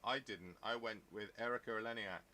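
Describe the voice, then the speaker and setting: A man's voice: lowish voice, fairly quick, pushed and bright. A man, chatting casually as a podcast host, rambling along with jokey asides. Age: 50s. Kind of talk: casual chat.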